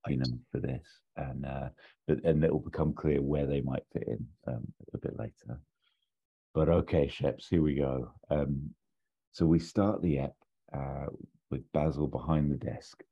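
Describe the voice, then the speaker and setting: Very deep, dark-voiced man. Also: creaky, slightly rough. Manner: rambling, hesitant, many restarts and fillers. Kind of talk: casual chat, pitching a story idea. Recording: dull lo-fi recording.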